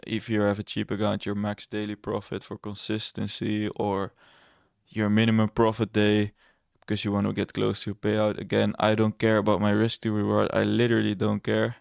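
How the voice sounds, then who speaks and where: Young guy talking thru his trades, flat low voice, dry close sound, kinda rambly and blunt. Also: moderate pace, vocal fry, clear, resonant tone, dry recording. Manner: rambling, self-correcting, blunt and sarcastic. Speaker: trading educator. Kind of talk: casual screen-share trading walkthrough.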